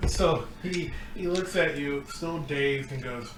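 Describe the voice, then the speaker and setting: A man's voice: a little high, slow pace, recorded from a distance. A man narrating a tabletop game as dungeon master, laughing often as he tells the story. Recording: echoey room with noise.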